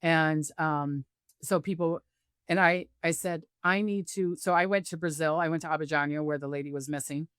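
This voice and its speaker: A woman guest, a psychic medium, telling stories on a video call and acting out the voices of others with big jumps in pitch. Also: steady tone, moderate pace, clear, resonant tone, dry recording, clean studio sound. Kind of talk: animated storytelling interview.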